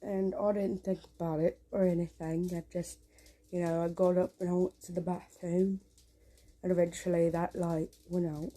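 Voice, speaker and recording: A woman vlogging from a dark room at home, rambling with frequent restarts, jumpy and swearing often. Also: on the low side, flat delivery, normal speed. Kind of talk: casual home vlog.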